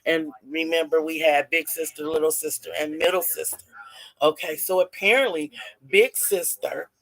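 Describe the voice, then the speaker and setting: A woman's voice: low-pitched, fairly even intonation, moderate pace, a bit bright, low-quality recording. A woman telling a rambling family drama story in a casual spoken way, often restarting and correcting herself. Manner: rambling, repeats and self-corrects.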